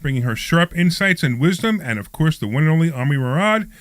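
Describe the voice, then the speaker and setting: A man hosts a live radio talk show, moving from an upbeat, scripted intro into loose banter with his co-hosts. His voice sits on the higher side. The studio sound is dry and close. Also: lively intonation, brisk, dry recording. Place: studio at a training office.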